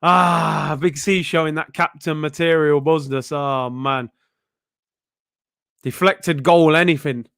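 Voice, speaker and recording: A young man hosting a live football watchalong, reacting excitedly and yelling at the players. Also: fairly high pitch, slow pace, gravelly, clear, resonant tone. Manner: excitable, shouting at players, frequent outbursts. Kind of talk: live match reaction commentary.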